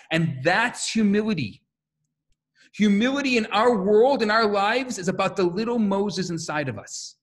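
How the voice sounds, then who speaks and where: Rabbi lecturing, lively storyteller, high and very animated voice. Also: male voice, moderate pace. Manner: animated, acts out quotes and stories.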